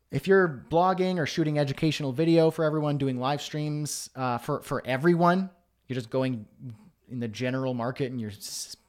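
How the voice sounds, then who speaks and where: A man hosting a live-streamed business workshop, coaching emphatically with many rhetorical questions. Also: mid-range voice. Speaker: host.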